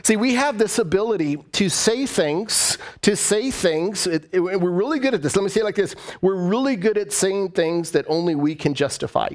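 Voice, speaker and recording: A man preaching a conversational sermon, animated and full of rhetorical questions, often repeating his phrases for emphasis. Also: high-pitched, normal speed, hardly any pauses. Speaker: pastor.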